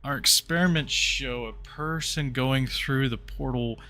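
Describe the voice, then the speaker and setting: A man's voice: medium pitch, measured pace, sharp tone. A young man casually commentating a horror game on a livestream, rambling and reading chat messages aloud. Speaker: streamer playing horror games.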